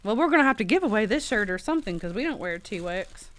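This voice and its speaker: A woman hosting a casual unboxing livestream, excited and laughing often. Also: mid-range voice, fast talker, slight background noise. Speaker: livestream host.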